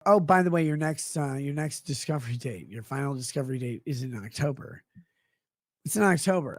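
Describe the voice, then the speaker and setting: A man with a gravelly, husky voice, rambling sarcastically and crudely in a played stream clip. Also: on the high side, lively intonation, a little fast, no echo, clean studio sound.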